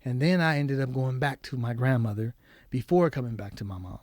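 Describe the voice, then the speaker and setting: Halting, repeating himself, his voice often falling soft and low, a man shares a painful personal story as a podcast guest. The sound is clean studio audio with no room sound.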